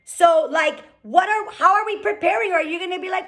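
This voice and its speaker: Fired-up high-voiced woman. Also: a bit bright. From California. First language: Spanish. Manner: fired-up, fast, repeats "okay?" often. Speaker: team leader speaking on a group call. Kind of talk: motivational business talk. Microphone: call microphone.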